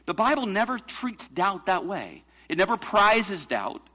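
A man's voice: high voice, big pitch swings, measured pace, pushed and bright, highs cut off. A man preaching a sermon, pressing points home with rhetorical questions to the congregation. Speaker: pastor.

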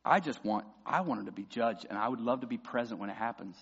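A man preaching a sermon as pastor, passionate and building to loud emphatic peaks. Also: mid-range voice, expressive, fast, gravelly, husky. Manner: impassioned preaching, voices imagined prayers loudly. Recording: dull sound with long hall reverb.

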